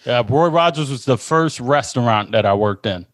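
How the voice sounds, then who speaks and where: A man's voice: mid-range voice, expressive, normal speed, fairly bright tone, no echo, clean studio sound. A man hosting a podcast, telling stories in casual, profane, laid-back chat. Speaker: podcast host.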